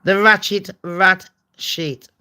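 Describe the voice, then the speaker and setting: Speaking slowly in a steady, mid-range voice with a sharp edge and a smooth delivery, a Birmingham-accented Englishwoman hosts her channel's casual live-stream. She's blunt and gossipy, swears a lot, and keeps dropping into mock accents and voices.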